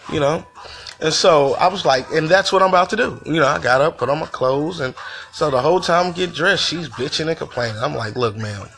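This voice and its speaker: A man's voice: on the high side, brisk, gravelly, fairly bright tone. A man hosting his own show, telling a venting story in a loose, profane, conversational way. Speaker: podcast host.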